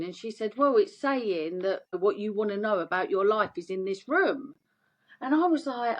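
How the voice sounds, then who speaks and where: A woman's voice: mid-range voice, normal speed. A middle-aged woman, a guest telling her story in an interview and acting out the voices of the people in it. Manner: animated, acts out quoted voices.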